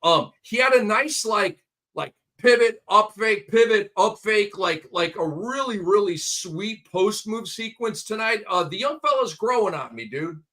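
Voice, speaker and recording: A man co-hosting a casual sports podcast, excitedly rattling off stat lines. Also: high-pitched, unhurried. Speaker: co-host. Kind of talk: casual fantasy basketball podcast chat.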